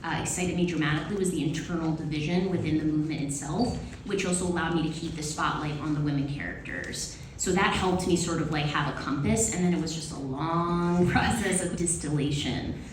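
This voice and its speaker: A woman's voice: sits low, brisk, a little hiss or hum. A woman writer answering press questions in a thoughtful, articulate way. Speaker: award-winning writer. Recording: echoey hall from far off.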